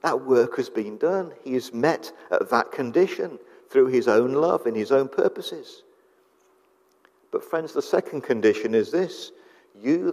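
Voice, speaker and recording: A man preaching a sermon in a slow, earnest manner with deliberate pauses. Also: mid-range voice, darkish tone. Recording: long hall reverb.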